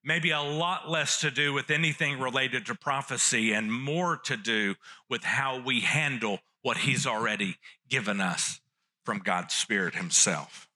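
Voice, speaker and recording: A man's voice: mid-range voice, measured pace, bright, forceful tone. A man preaching a sermon, teaching earnestly and repeating key phrases for emphasis. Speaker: pastor.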